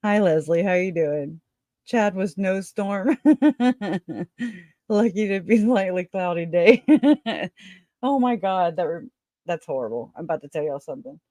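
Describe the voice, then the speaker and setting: A woman's voice: on the low side, lively intonation, a little slow, long pauses, warm tone, dry recording, studio quality. A woman hosting a casual livestream, rambling, chatting with viewers and laughing often. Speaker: livestream host.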